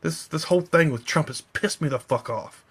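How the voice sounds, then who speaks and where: A man rants on a late-night live stream, a little drunk and swearing constantly. His voice sits a touch high and has a gravelly fry to it. He rambles from one heated point to the next. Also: normal speed, fairly bright tone. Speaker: vlogger.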